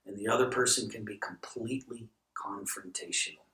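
Animated male storyteller in a roomy space. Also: lowish voice, fairly quick. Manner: animated storyteller who acts out dialogue. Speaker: guest pastor. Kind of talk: podcast conversation, storytelling. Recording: roomy sound from a distant mic.

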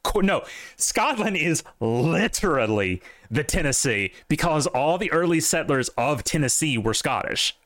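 A man's voice: fairly high pitch, sing-song, measured pace, a bit bright, no room sound, studio quality. A man co-hosting a casual podcast chat, opinionated and rambling, with plenty of fillers. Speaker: podcast co-host.

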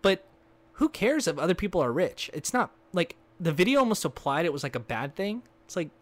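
A man's voice: sits high, big pitch swings, fairly quick. A man co-hosting a casual movie podcast, joking around and rambling, often trailing off mid-thought. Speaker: podcast co-host. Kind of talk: casual banter.

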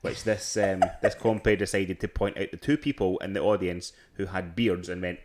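Scottish man rambling in a lowish voice. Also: steady tone, normal speed, a little mellow. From Scotland. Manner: rambling storytelling with frequent restarts and laughs. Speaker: podcast co-host. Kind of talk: casual chat.

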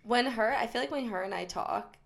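A woman from New Jersey with a Jersey accent, co-hosting a podcast in casual, rambling chat while high and tipsy. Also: a little fast, gravelly. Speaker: podcast co-host.

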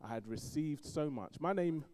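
A middle-aged man from East London with a London accent, preaching a sermon in an animated storytelling way, swinging between loud emphasis and quiet asides. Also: a little high, normal speed.

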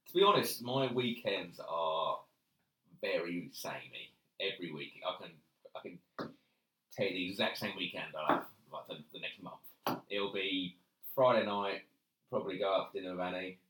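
Young bloke, bright tone, laughs a lot, roomy echo. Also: male voice, low-pitched, moderate pace. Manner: laughs often, chatty and relaxed. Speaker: podcast guest. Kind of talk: casual chat. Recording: roomy sound, distant mic.

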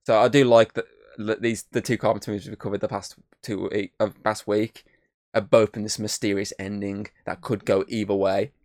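A man's voice: fairly low pitch, flat delivery, moderate pace, no room sound, studio quality. A man giving a casual, rambling film review, swearing freely and humming bits of tunes.

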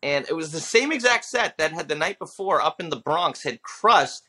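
Brief: male comic in his 30s, bright tone, lively storyteller who drops into voices. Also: fairly high pitch, moderate pace. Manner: animated storyteller who slips into character voices for quotes. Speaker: stand-up comedian guest. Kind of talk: casual interview storytelling.

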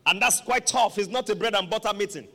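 A man preaching a sermon, dramatic and animated, with call-and-response to the congregation. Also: high voice, quick pace. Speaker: pastor. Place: church hall. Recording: long echo of a large hall.

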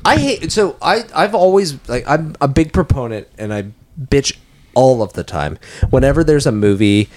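A man's voice: mid-range voice, lively intonation, normal speed, a little mellow. A man hosting a casual podcast chat, ranting and swearing as he picks apart a movie. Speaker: podcast host.

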